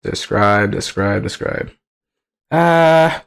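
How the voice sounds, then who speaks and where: Speaking unhurriedly in a mid-range voice, a young man does casual commentary on a live stream. Expect heavy swearing, lots of slang, regular bursts of laughter, and an excitable manner.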